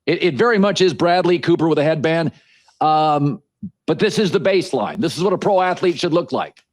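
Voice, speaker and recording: A man giving calm, measured sports analysis as a guest, with occasional filler words. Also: a little high. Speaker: guest commentator.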